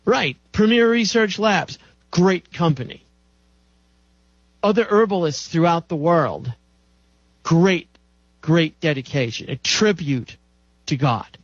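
A man's voice: on the high side, no echo. A man giving an impassioned health lecture in a preachy, emphatic way, chanting repeated lists. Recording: dull dry recording.

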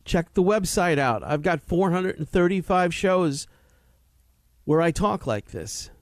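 A man hosting a health talk show, lecturing with lively rhetorical questions and a preachy tone. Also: sits high, a little slow, no room sound, studio quality. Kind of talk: animated health talk monologue.

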